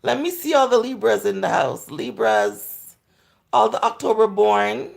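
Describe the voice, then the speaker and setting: A woman in her forties with a Jamaican accent hosts a casual livestream and reads out viewer comments. Her voice carries a heavy gravelly fry throughout, and she talks candidly, drifting into patois as she goes. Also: mid-range voice, huge pitch swings, unhurried. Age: 40s. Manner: chatty and candid, slipping into patois. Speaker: livestream host. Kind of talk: casual live chat answering viewer comments.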